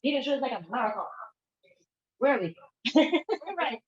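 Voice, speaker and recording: A woman's voice: a little high, animated, moderate pace. A woman, a therapist giving an informal conference talk in a conversational way, acting out quoted lines as she goes. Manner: conversational, acts out quoted dialogue with shifting voices. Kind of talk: informal lecture presentation. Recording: echoey room, dull lo-fi sound.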